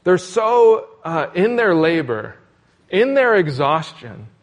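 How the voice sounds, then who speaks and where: A man's voice: sits high, big pitch swings, takes it slowly, lo-fi sound. A man preaching a sermon in an earnest, repetitive cadence, asking questions as he goes. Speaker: pastor.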